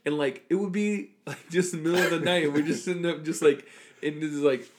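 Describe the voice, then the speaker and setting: A man's voice: a little high, fairly quick, noisy background. A young man co-hosting a podcast, chatting casually and rambling with lots of fillers. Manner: rambling, heavy use of "like", animated storytelling. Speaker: podcast co-host. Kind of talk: casual chat.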